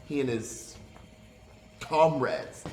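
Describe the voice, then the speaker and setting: A man playing a brutal American soldier interrogating a prisoner, mocking and menacing, breaking into shouts. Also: sits high, sing-song, measured pace, exaggerated voice. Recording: roomy echo, faint background hiss.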